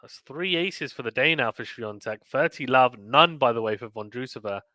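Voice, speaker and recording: A man's voice: medium pitch, normal speed, bright, forceful tone, no echo. A young man commentating a tennis match on a live stream, reading viewer comments aloud and chatting between points. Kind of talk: casual play-by-play and chat reading.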